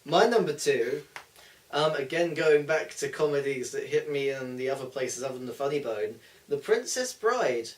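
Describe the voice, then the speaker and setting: A man's voice: mid-range voice, lively intonation, normal speed. A young man co-hosting a casual film chat, teasing his friends and laughing often. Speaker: co-host. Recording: voice a bit far from the mic.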